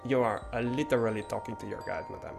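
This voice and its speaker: A man voicing a formal, cryptic male guide of a digital realm, speaking slowly and courteously. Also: mid-range voice, steady tone, creaky, over music, lightly acted. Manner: slow, measured and courtly.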